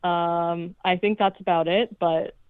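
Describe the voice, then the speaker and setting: A woman's voice: fairly low pitch, steady tone, a little slow, clean tone, no echo. A woman co-hosting a podcast talks through a movie plot in a loose, jokey way, cursing freely and quoting characters as she goes. Her voice comes through a thin, phone-like line and sounds close and dry, with no room around it. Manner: swearing, jokey retelling with quoted lines. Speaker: podcast co-host. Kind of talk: casual movie recap.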